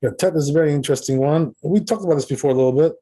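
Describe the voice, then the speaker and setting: Male rabbi, informal class, somewhat raised pitch; chatty, repetitive, keeps checking his listeners follow. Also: very fast, warm tone. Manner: explanatory, repeats words, checks in with "right?" and "you know?"; demonstrates pronunciation aloud. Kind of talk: informal Torah lesson.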